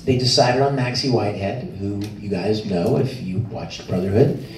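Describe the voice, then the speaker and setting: A middle-aged man telling lively stories at a convention panel, laughing often and acting out quotes in high voices. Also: moderate pace. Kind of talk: storytelling to a live audience. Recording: echoey hall from far off, faint noise.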